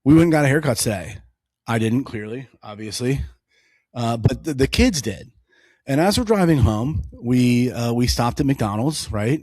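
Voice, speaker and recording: On a casual political podcast, a male co-host in his thirties spins energetic stories and acts out what people said. His mid-range voice moves at normal speed, with studio quality and no echo.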